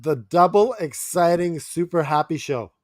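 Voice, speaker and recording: A laid-back man trading wisecracks as co-host of a wrestling podcast. His voice sits a little high for a man. The sound is dry and close to the mic. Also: moderate pace, no room sound. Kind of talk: casual wrestling podcast chat.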